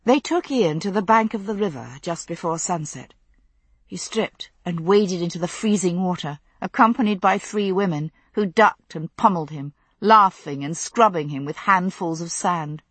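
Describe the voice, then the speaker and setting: A woman reading a novel aloud as narrator, in a steady, measured storytelling manner. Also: on the low side, breathy edge, dry recording. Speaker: audiobook narrator. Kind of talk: scripted narration.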